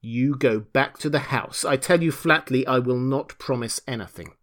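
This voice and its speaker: A man's voice: medium pitch, normal speed, natural voice. A man reading the part of a menacing, unseen man who gives curt, threatening commands in a cold, grim voice. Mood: flat, hard. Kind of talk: audiobook character reading.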